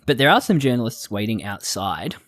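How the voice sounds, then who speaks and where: Woman, low-pitched, podcast co-host, wry and relaxed, laughs at own jokes, dry mic. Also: brisk, dry recording. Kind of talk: casual chat about an anime.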